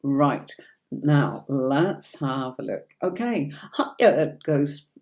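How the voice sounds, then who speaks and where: A woman's voice: extremely low pitch, big pitch swings, very slow, darkish tone. A woman from Yorkshire with a faint Yorkshire accent, teaching tarot on a livestream in a chatty, reassuring way and calling viewers darling. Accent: light Yorkshire English. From Yorkshire, England.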